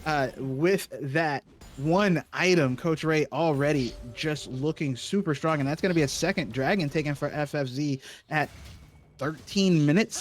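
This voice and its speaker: A man casting an esports match with chatty, joking play-by-play that often corrects itself. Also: a little high. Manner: chatty, self-correcting, jokey. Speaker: esports caster. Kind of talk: play-by-play commentary.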